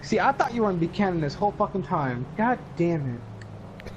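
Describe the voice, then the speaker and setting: A man's voice: high-pitched, big pitch swings, moderate pace, highs cut off, slight background noise. Rambling, foul-mouthed teenage boy. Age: teens. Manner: rambling, profane, quotes others in raised voices. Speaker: storyteller. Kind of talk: casual chat.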